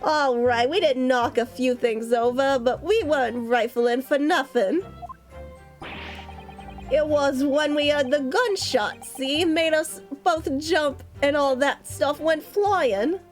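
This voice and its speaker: A woman voicing a pair of scrappy Cockney brothers, petty thieves, talking in rough street slang. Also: high voice, slow, faint music behind. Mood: defensive. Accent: Cockney put-on.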